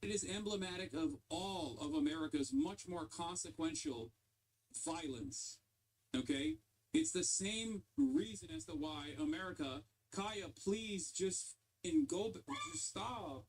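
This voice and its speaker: A man's voice: sits high, huge pitch swings, measured pace, creaky, slightly rough. A man in a played stream clip talking politics, breaking off to snap at his dog. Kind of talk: live-stream political talk.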